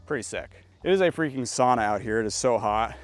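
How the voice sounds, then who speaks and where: A chatty male vlogger talks through his throws in an easy, upbeat way, his pitch sitting right in the middle range. He gets excitable whenever a shot looks good. He is recorded outdoors with faint music underneath. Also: brisk. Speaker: disc golf YouTuber. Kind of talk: casual play-by-play commentary. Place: outdoor disc golf course.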